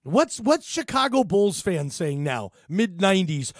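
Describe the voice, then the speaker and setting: High-voiced male sports radio host. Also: measured pace, few pauses, dry recording, studio quality. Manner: animated, rambling, full of fillers and restarts. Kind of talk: sports talk radio monologue.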